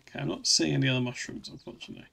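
A man with a gravelly voice, casually chatting while streaming a game and answering chat, rambling with frequent restarts. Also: medium pitch, big pitch swings, very fast, pushed and bright. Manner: rambling, restarts often, reads chat aloud.

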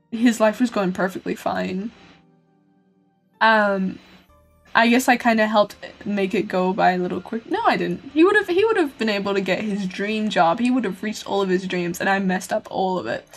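A woman's voice: mid-range voice, slightly rough. A woman streaming a video game, talking casually and swearing freely as she reacts to the story. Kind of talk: casual gameplay commentary.

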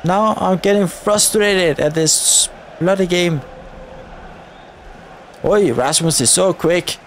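A young man giving live commentary over a football video game, shouting at the referee in frustrated outbursts. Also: high voice, takes it slowly, a little hiss or hum. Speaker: gaming YouTuber.

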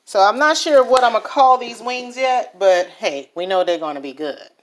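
A woman's voice: on the high side, expressive, normal speed, slight background noise. Chatty New woman cooking at home. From New Orleans, USA. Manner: chatty, keeps checking in with the viewer. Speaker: home cook. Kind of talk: casual cooking vlog.

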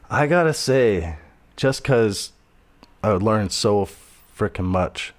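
A man, a singer-songwriter guest on a podcast, in casual chat with a hoarse voice, easygoing and quick to agree with short replies. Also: fairly low pitch, expressive. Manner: easygoing, agreeable, many short affirmations and chuckles. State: hoarse, strained voice.

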